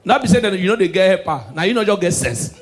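A man doing live stand-up comedy in Nigerian Pidgin English, dropping to hushed asides and then shouting punchlines. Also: sits high, sing-song, fast.

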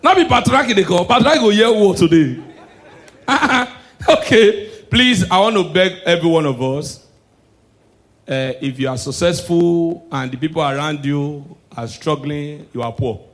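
A man with a Nigerian accent works a stand-up set in a high-pitched voice. He slides between Pidgin and English and lets his voice sink into quiet asides. Then he bursts out loud for the punchlines. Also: lively intonation, a little slow. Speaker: stand-up comedian. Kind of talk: stand-up comedy.

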